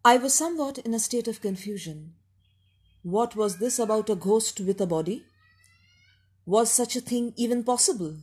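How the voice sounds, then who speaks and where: Woman narrating a spooky tale, unhurried, husky-soft tone. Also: a little high, animated. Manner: measured, unhurried reading. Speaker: storyteller. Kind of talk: storybook narration.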